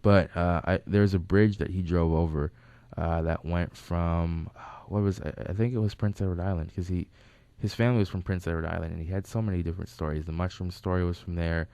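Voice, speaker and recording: A man with a very low, smooth and resonant voice tells casual stories about a friend who has died. He rambles and restarts his sentences as he goes. The studio sound is dry and close. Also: steady tone, fairly quick, dark tone, no echo. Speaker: friend giving a tribute. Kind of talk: casual storytelling. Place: recording studio.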